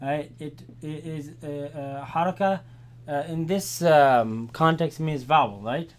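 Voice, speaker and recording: A man with a slightly high voice teaches a Quran class as a classroom Arabic lesson, explaining vowels step by step. He repeats Arabic words slowly and loudly and checks in with his students by asking "right?". A little hiss or hum is audible.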